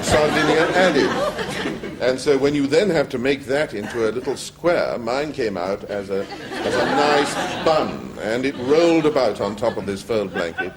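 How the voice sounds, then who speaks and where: A middle-aged man appears as a talk show guest in a television studio, his mid-range voice set against heavy background noise. He tells comic anecdotes with a witty raconteur's timing.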